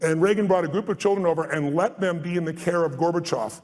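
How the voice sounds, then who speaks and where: Fast, high-voiced man booming through a hall. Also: a little mellow. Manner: emphatic and blunt, swears for force, acts out anecdotes. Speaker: speaker and guest on a live stage tour. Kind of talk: motivational storytelling to a live audience. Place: large hall with a live audience. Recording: long hall reverb at a live event.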